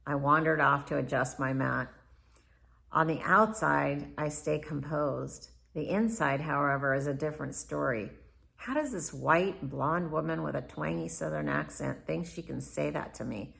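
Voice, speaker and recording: Female memoir narrator with a deep register and strong fry, candid and reflective. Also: moderate pace, fairly bright tone. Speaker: memoir author. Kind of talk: first-person memoir narration.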